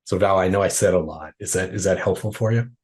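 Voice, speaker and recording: Deep-voiced man explaining on a video call. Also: fast. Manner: conversational, explains with frequent "right?" tags. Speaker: workshop trainer. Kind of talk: live online workshop Q&A.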